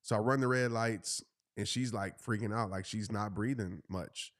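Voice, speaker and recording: A man, telling a story in a casual, animated way and jumping into high voices for the people he quotes. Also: moderate pace, dry recording, clean studio sound. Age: 30s. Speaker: host.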